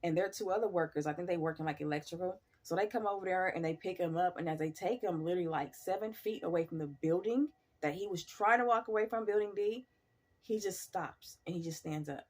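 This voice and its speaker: A woman's voice: fairly low pitch, fast talker, darkish tone. A woman casually telling a story in a blunt, profane, chatty way.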